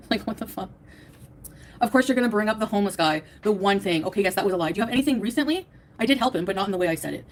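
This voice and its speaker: A woman's voice: medium pitch, darkish tone, a little hiss or hum. A woman livestreaming at home, defensive and profane, ranting at her chat while tired and in a bad mood. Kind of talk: angry livestream rant to chat.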